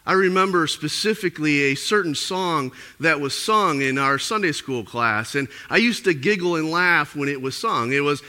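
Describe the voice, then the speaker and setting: Male pastor, church sermon, clear bright timbre, slightly raised pitch, prayerful then emphatic. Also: expressive, normal speed, few pauses. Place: church sanctuary.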